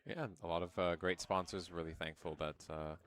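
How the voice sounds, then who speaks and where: A man's voice: low voice, steady tone, normal speed, fairly bright tone, clear, resonant tone. A young man commentating a live esports match, chatty and self-deprecating, trailing into fillers as he talks. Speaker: esports caster.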